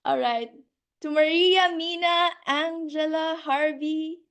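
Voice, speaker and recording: A woman's voice: high-pitched, a little slow, a bit bright. A woman life coach hosting a workshop on a video call, effusive and gushing, laughing often and repeating her words.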